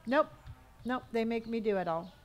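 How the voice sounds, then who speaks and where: A woman's voice: a little high, normal speed, slight background noise. A middle-aged woman from California, streaming a game live, chatting casually, reading viewer comments aloud and muttering to herself as she plays. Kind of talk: casual live-stream chat while gaming.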